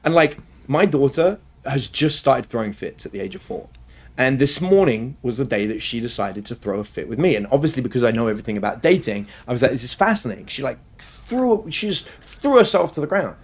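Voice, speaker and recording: Brit guy dating coach on a podcast, super animated, acts out all the quotes. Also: medium pitch, brisk. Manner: animated storyteller, acts out quotes in other voices. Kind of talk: podcast interview.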